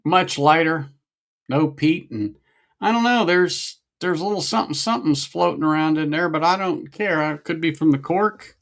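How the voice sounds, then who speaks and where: This middle-aged man's voice is slightly high and fairly bright, moving at a normal speed. As host of a whiskey-tasting livestream, he talks casually, muses aloud and greets the people watching.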